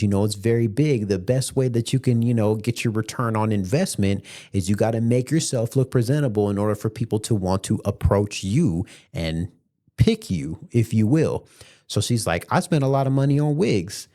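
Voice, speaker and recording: A young man with a fairly low voice tells a story on his own podcast. He talks in a loose, casual way and chuckles at the funny parts. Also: darkish tone. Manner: laid-back, laughing as he retells a passenger's story. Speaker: podcast host.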